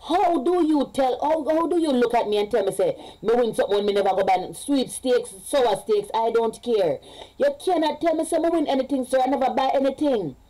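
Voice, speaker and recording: Jamaican lady vlogging, loose rambly chat, lots of repeats, patois mixed in, warm low tone. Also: brisk, rough recording. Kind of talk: casual opinion vlog.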